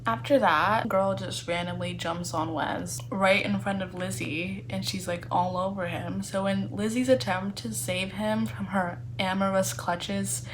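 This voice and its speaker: A woman chatting casually in a book review vlog, animated and playfully sarcastic, with lots of fillers. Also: mid-range voice, unhurried, few pauses, a little hiss or hum.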